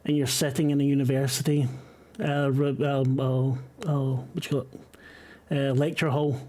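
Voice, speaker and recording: A man's voice: mid-range voice, little pitch movement, normal speed, dark tone. A man running a tabletop game as game master, narrating scenes with hesitant fillers.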